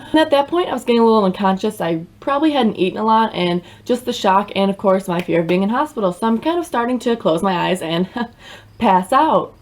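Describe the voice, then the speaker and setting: A woman's voice: mid-range voice, a little hiss or hum. Young woman, casual storytime vlogger, dramatic and chatty, mid-range voice. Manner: dramatic, animated storytelling with many fillers. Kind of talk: storytime vlog.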